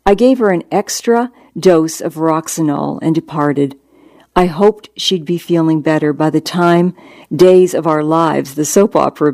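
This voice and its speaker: A hospice doctor reading a memoir aloud in a calm, measured, reassuring way. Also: medium pitch, creaky, dry recording, clean studio sound. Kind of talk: audiobook memoir narration.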